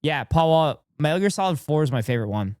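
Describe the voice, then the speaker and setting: A man streaming live, giving casual reaction commentary to his chat in an excitable way, repeating phrases and laughing often. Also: a little high, fast talker, no room sound, studio quality.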